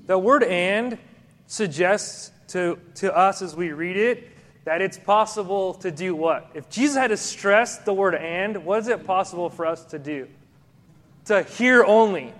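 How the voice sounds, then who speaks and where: High-voiced man preaching in a reverberant hall. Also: unhurried, a bit bright. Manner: conversational preaching, asks the congregation questions. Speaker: pastor. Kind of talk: sermon.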